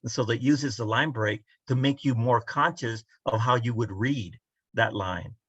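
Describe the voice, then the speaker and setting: A man's voice: mid-range voice, unhurried, a bit bright, breathy edge, no echo. A man in casual academic discussion on a video call, lecturing and often asking "right?" to drive points home. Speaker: poet and roundtable panelist. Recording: dull, dry lo-fi video call audio.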